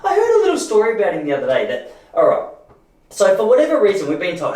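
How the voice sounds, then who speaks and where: A man's voice: high voice, huge pitch swings, quick pace, darkish tone, roomy sound, recorded from a distance. A man in his thirties with an Australian accent, hosting a podcast as a chatty, rambling monologue full of restarts and asides. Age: 30s. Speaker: podcast host. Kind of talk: casual monologue.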